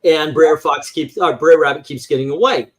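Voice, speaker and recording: A man's voice: a little high, moderate pace. A man talking in a casual livestream chat, ranting animatedly and acting out voices as he tells a story. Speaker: livestream co-host.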